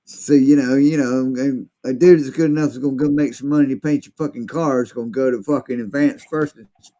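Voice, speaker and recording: A man's voice: mid-range voice, steady tone, fast, dark tone. A man telling a rambling, profane story in casual chat, acting out what people said. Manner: rambling, profane, acts out quotes.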